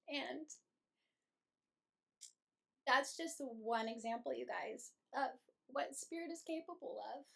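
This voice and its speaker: A young adult woman, a medium, telling an emotional personal story to her viewers in a slow, heartfelt way. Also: fairly high pitch, animated, fairly bright tone. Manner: slow, emotional, breathy with feeling, laughs between phrases. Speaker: medium and channel host.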